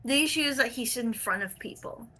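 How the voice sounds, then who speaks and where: A woman player in a tabletop game who chimes in with short, blunt comments. Her voice is fairly high, and a clear hiss of ambience sits behind her. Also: a little fast. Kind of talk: casual game chat.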